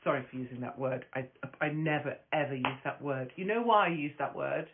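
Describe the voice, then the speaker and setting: A woman with a rumbling low voice talks fairly quickly over a noisy background while hosting a casual live stream on her phone. A stand-up comic, she's brash and profane, rambles between stories, and laughs frequently; the phone-camera audio sounds tinny.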